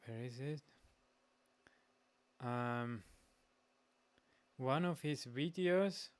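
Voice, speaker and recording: A man hosting a casual reaction stream, hesitant and halting with frequent ums and uhs. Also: medium pitch, clean tone. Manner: slow and hesitant, lots of um and uh while searching.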